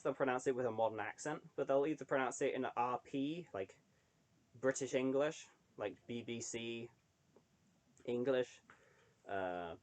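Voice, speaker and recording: A man's voice: medium pitch, a little mellow. A young adult man chatting casually to camera, rambling with lots of ums and wry asides. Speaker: online creator reading poetry.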